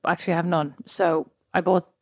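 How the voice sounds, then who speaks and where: A young woman co-hosting a casual chat, telling rambling, animated stories. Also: lowish voice, fairly quick, dry recording, clean studio sound. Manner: chatty storytelling, animated and rambling.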